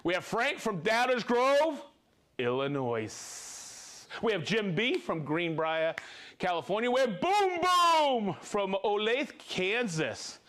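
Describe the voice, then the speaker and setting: Live stream host, male, upbeat reader of viewer shout-outs, high lively voice. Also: slow pace. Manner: upbeat, reads viewer names and places, jokes and laughs. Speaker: livestream host.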